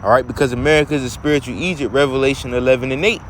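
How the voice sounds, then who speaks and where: A man's voice: mid-range voice, steady tone, very fast, slight background noise. A man teaching from scripture in a preaching manner who keeps asking rhetorical questions.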